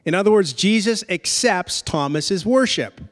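A man with a somewhat high voice preaches, moving between easy conversational explanation and emphatic stress on key words. His voice carries a long reverb, as if from a large church sanctuary. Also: expressive, measured pace. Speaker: pastor. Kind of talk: sermon.

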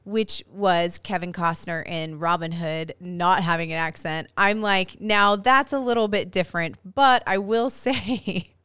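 Female co-host, clear smooth tone, animated and teasing, dry close-mic sound. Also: on the low side, measured pace, few pauses, no echo. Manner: laughs often, teasing, animated. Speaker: podcast co-host. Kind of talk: casual chat.

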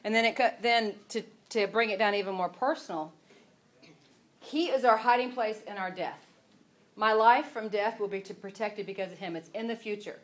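A woman's voice: mid-range voice, moderate pace. Chatty woman teaching scripture. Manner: chatty, rambling, self-interrupting. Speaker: Bible teacher. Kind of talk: casual devotional teaching.

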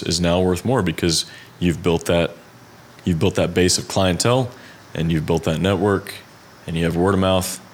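A man's voice: low-pitched, slight background noise. A young man, a freelance designer, talking casually in a conversation, rambling and laid-back with lots of fillers and side trails.

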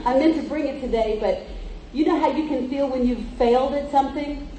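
A woman's voice: high-pitched, a little fast, very noisy. A woman preacher giving an emphatic, repetitive sermon, telling stories and driving points home in a church. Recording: echoey church from far off.

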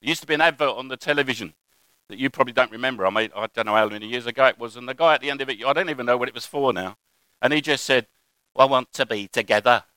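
Man, sermon, bright clear tone, dry close sound, chatty preaching. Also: medium pitch, racing, dry recording, low-quality recording. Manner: conversational preaching with anecdotes.

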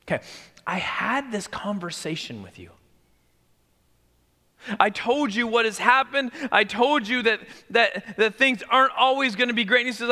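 A man preaching a sermon as pastor, talking conversationally and sinking to a hushed near-whisper for emphasis. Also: extremely high pitch, animated, normal speed, big-room sound.

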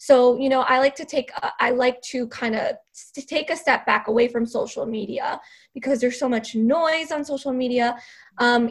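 A woman who teaches and coaches, speaking as a podcast guest in an earnest, encouraging way and often correcting herself mid-sentence. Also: a little high. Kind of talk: casual interview chat.

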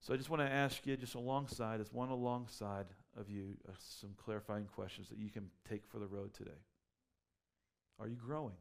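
A man's voice: lowish voice, steady tone, normal speed, gravelly. A man preaching a sermon as a pastor, conversational and full of rhetorical questions, building up to emphatic peaks.

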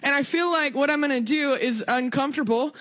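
A young woman from Texas with a Southern accent and a bright, high voice preaches from a church pulpit. She talks like a friend, with quick self-deprecating asides. Her sermon is loose and chatty rather than formal. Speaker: guest preacher. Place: church sanctuary.

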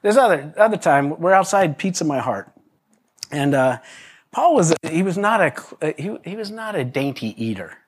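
A man's voice: a little high, moderate pace, slightly rough. A man preaching a sermon, telling stories with lots of restarts and acting out the people he quotes. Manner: animated storyteller, acts out quoted voices, laughs often, many restarts. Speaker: pastor. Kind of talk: sermon with storytelling.

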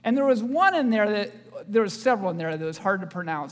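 A high-pitched male pastor preaching in a church with a long, ringing reverb. He teases the congregation and tosses questions at them as he goes. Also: fast, hardly any pauses. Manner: joking, audience-engaging preacher. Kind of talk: sermon.

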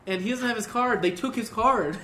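Bright-voiced young man telling a story. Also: sits high, moderate pace, slight background noise. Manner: profane, laughs often, animated. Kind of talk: casual storytelling.

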